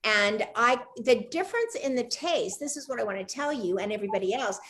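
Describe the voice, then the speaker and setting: Woman host, slightly high voice, chatty storyteller on a video call. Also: animated, a little fast, fairly bright tone, slight background noise. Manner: chatty storyteller, asks eager follow-up questions. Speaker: cooking show host. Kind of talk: casual video-call chat.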